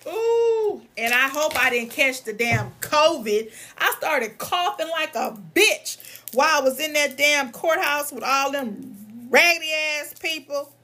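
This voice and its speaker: A woman's voice: high voice, bright, forceful tone. A young woman, a lawyer and vlogger, ranting in a heated, emphatic and profane way, her voice strained from coughing. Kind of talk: angry ranting monologue.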